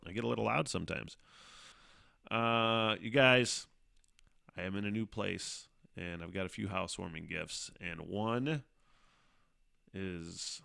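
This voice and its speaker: A middle-aged man hosting a casual solo podcast, rambling and swearing often, animated, with frequent laughs. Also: on the low side, vocal fry. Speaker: podcast host.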